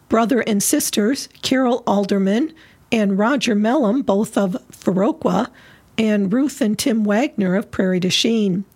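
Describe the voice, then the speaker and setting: A woman announcer on local radio, reading the weather and obituaries at a steady, measured pace. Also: a little high, slightly rough.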